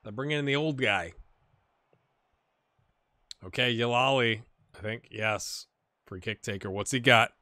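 A man giving casual, rambling commentary over a football management game, with sudden excited outbursts and a slightly rough throat. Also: medium pitch, measured pace, long pauses, no echo, studio quality. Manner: rambling, excitable bursts over match play. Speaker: gaming commentator. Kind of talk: casual let's-play commentary.

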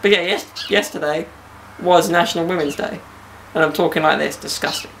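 A man's voice: on the high side, normal speed, vocal fry, a bit bright, a little hiss or hum. A young man hosting a casual podcast outdoors in a garden, bantering and joking with slang. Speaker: podcast host.

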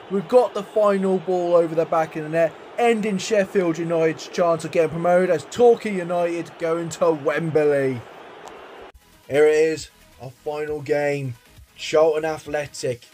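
A man giving casual let's-play commentary on his own football video game match, swinging between low muttering and sudden excited shouts, with plenty of casual swearing. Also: unhurried, soft background music. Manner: casual swearing, self-talk. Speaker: gaming YouTuber.

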